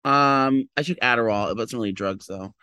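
A tired, groggy man rambles through a story, tripping over his words and restarting. His pitch sits in an ordinary middle range. The sound is dry and close. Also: moderate pace, pushed and bright, clear, resonant tone, dry recording. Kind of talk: casual chat.

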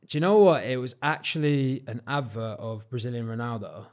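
A young man from Cornwall chatting casually as an interview guest, relaxed and modest, with lots of "like" and "um". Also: mid-range voice, a little fast. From Cornwall, England. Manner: relaxed, modest, many fillers like "like" and "um". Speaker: guest, freestyle football champion.

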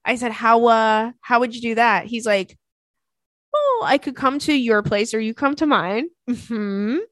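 A woman's voice: a little high, measured pace, fairly bright tone, no room sound. A young woman hosting a podcast, reading out listener emails and chatting in a bubbly, crude, joking way, laughing often. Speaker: podcast host and stand-up comic.

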